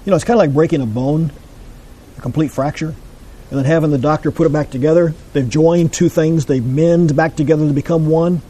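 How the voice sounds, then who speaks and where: Husky, mellow male Bible teacher; measured, explanatory delivery to a class. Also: a little high, fairly even intonation, poor audio.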